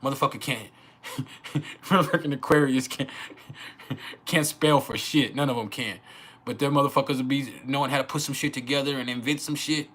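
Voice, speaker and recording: A man's voice: mid-range voice, fairly even intonation, normal speed, fairly bright tone. A man hosting a casual astrology livestream, joking and swearing often and laughing.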